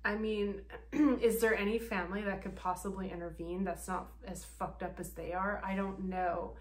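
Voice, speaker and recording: A woman's voice: medium pitch, steady tone, normal speed. A woman vlogger giving casual reaction commentary, sarcastic and profane, laughing often.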